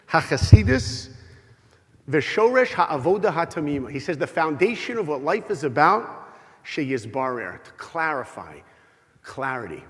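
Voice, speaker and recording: A middle-aged man speaking to an audience in a large hall, his voice carried on a long, ringing reverb. He tells stories with humor and animation, slipping into little acted-out exchanges. His voice sits a bit on the higher side for a man. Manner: animated, humorous, acts out dialogue. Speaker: speaker giving an inspirational talk. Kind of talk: lively storytelling talk to a live audience.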